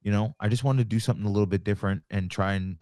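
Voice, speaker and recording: A man's voice: lowish voice, very fast, a little mellow, no room sound, studio quality. A man, a wrestling promoter, telling a story in a casual podcast chat, acting out phone calls and swearing casually. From New York.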